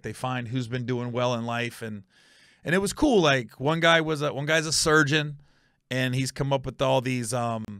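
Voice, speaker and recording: A middle-aged man from Ohio hosts a comedy podcast, telling stories in an animated, emphatic way with quick asides and self-corrections. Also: medium pitch, no echo, studio quality. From Ohio, USA.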